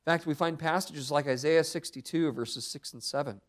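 A man's voice: on the high side, normal speed. A young adult man preaching a sermon as pastor, speaking earnestly and expressively with strong emphasis.

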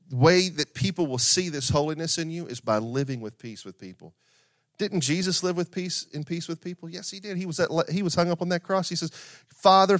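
Man, middle-aged, pastor, sermon, conversational, slightly high voice, dry sound. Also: no echo. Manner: conversational preaching with asides and repetition.

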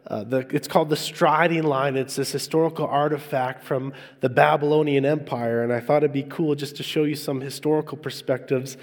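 A man preaching a sermon in a conversational way, asking the congregation questions. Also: a little high. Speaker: pastor. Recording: echoey hall.

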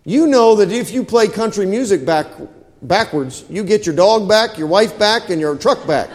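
A man's voice: sits high, lively intonation, moderate pace, big-room sound. A man preaching a sermon to his congregation in a folksy manner, often checking in with questions. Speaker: pastor. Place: church hall.

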